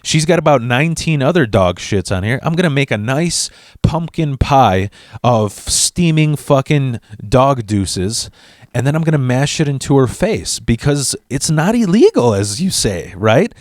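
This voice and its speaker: Young male vlogger, mid-range pitch, dry close sound, profane animated storytelling with stammered restarts. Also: a little slow, no echo. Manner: profane and animated, acting out quotes. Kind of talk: storytime rant.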